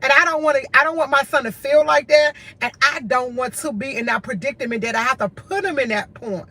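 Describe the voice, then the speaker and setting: Her voice sits high, brisk, pushed and bright as she hosts a candid livestream. Worn out yet earnest, this college student and mother of a school-age son keeps looping back through short, repeated phrases to her viewers.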